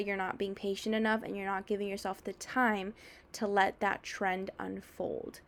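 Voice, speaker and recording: A young adult woman hosting a podcast, talking casually and energetically about fitness, often acting out a client's inner voice. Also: medium pitch. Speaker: podcast host and fitness coach. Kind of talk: casual advice monologue.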